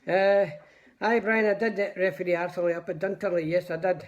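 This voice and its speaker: With fairly even intonation and a slightly quick pace, an older man from Scotland tells rambling stories to his live audience and greets them by name. His voice sits high, and the recording's highs are cut off.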